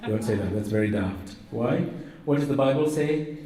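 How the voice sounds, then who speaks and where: Joking priest in a roomy hall. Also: male voice, mid-range voice, expressive, moderate pace, dark tone, distant mic. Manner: joking, teasing, rhetorical questions. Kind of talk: humorous sermon. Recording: roomy echo, voice from afar.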